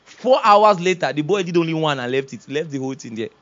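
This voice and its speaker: Pastor man preaching, high lively voice, kinda dull lo-fi sound. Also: fast. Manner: animated, acts out quoted voices, laughs often. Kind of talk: sermon.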